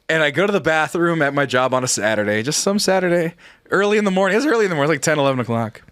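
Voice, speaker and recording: A man's voice: mid-range voice, fairly bright tone, no room sound. A male podcast co-host, slightly tipsy, telling rambling, profane stories in casual chat on a close mic. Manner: rambling storyteller, swears freely.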